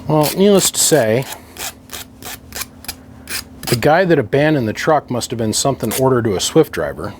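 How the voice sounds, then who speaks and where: A man's voice: medium pitch, animated, normal speed, pauses often, background noise. A middle-aged man talking casually to himself while he works on equipment, wry and grumbling as the job fights him. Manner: wry, grumbling, talks to himself over a stubborn task. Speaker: radio hobbyist working on an amplifier. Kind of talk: casual rambling monologue while working.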